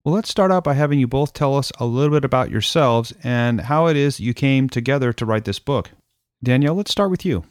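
A male news host presents in a smooth, scripted style. His voice is mid-pitched, and the recording is dry and close with no room sound. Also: animated, a little fast, dry recording.

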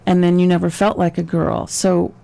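Woman interviewer, warm relaxed tone, lowish voice, searching questions asked over and over. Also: moderate pace, creaky. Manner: questions rephrased again and again.

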